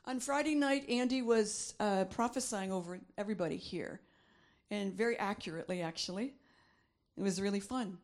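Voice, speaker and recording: A woman's voice: mid-range voice, moderate pace, a little mellow. A middle-aged woman preaching a sermon, reading scripture aloud and repeating phrases for emphasis.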